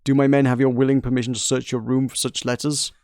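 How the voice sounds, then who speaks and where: Brief: man playing a formal, probing guard interrogator, gravelly, dry close mic. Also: medium pitch, little pitch movement, fast, darkish tone, dry recording, close to an everyday voice. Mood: stern. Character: stern male castle guard interrogator.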